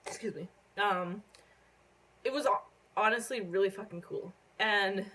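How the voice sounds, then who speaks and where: A young woman from Canada telling a casual story on her phone vlog, rambling with lots of fillers and casual swearing while she hiccups and keeps clearing her throat. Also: medium pitch, a little slow, bright, forceful tone, slight background noise, rough recording. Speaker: vlogger.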